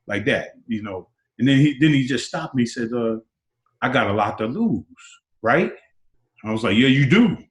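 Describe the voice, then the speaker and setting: A man in his sixties, a former basketball player, telling stories as an interview guest and acting out quotes with big jumps in pitch. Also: lively intonation, moderate pace. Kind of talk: animated storytelling. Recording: roomy echo.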